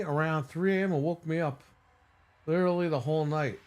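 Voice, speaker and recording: A man's voice: a little high, brisk, a little mellow. A man streaming a video game and chatting casually, telling profane stories and ranting about annoyances.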